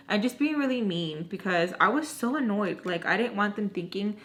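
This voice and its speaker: Woman vlogger rambling thru a story, mid pitch, acts out the quotes. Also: normal speed. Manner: animated, acts out quoted dialogue; rambling, self-correcting asides. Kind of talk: casual storytime retelling.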